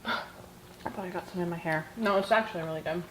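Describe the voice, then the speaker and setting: A woman's voice: fairly low pitch, a little fast, a bit bright, slight background noise, poor audio. A woman guest on a casual cooking show, chatting in a playful, teasing, wry way. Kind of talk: casual chat.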